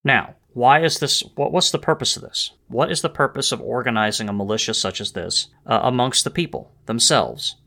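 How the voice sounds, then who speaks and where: A man's voice: medium pitch, moderate pace, gravelly, hardly any pauses, pushed and bright. Man, show host, emphatic, lecturing monologue, quotes read with stress. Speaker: host of a history and politics show. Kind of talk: monologue on the Second Amendment.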